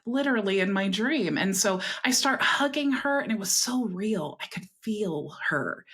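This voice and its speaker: A woman hosting a podcast, telling a personal story in a lively way and acting out the voices she quotes. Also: medium pitch, measured pace, husky. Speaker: podcast host. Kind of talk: casual interview talk.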